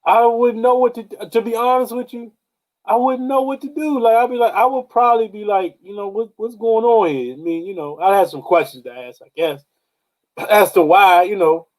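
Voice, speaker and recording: A man with a high voice, chatting on a casual podcast. His delivery is easygoing and reflective, often pausing to mull over a question. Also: a little mellow, low-quality recording. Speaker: podcast co-host. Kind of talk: casual chat.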